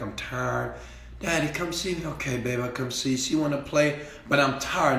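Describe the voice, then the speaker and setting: A man giving a preachy motivational speech, repeating himself and swinging between quiet talk and shouting. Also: mid-range voice, roomy sound. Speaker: motivational speaker.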